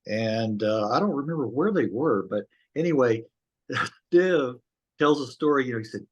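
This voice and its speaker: A man's voice: medium pitch, lively intonation, moderate pace, highs cut off. A man hosting a casual interview, retelling a story in a rambling way with frequent fillers.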